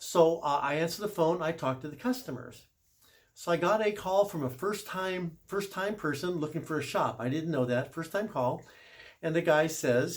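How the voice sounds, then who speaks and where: A man's voice: a little high, lively intonation, normal speed. A middle-aged man and car shop service manager telling a story in a casual, chatty way, correcting himself and laughing a little as he goes.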